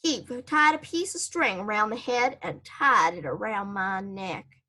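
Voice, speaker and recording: A woman reading a children's chapter book aloud in first person, expressive, with casual asides to listeners. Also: mid-range voice, measured pace. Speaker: storybook reader.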